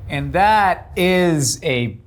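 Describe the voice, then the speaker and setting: A man judging desserts in a slow, deliberate way, cracking jokes. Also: on the high side, lively intonation, a little hiss or hum. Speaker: guest judge. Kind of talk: comedic food critique.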